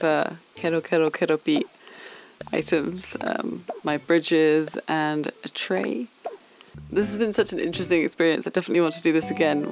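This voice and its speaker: Young woman gaming host, giggly and gushing, casual chat, faint music underneath. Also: fairly low pitch. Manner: bubbly and gushing, with frequent giggles. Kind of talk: casual gameplay commentary.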